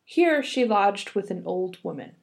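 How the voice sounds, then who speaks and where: A woman's voice: mid-range voice, big pitch swings, measured pace, vocal fry. A young woman reading a fairy tale aloud, breaking off for playful, giggly asides. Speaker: podcast host. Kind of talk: storytelling with casual commentary.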